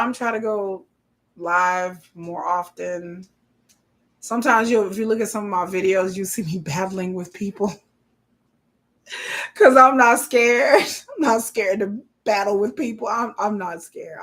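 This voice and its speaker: This livestream host, likely a woman in her thirties, keeps things casual while telling cheeky, energetic anecdotes and breaking into laughter. Her pitch sits in the middle range.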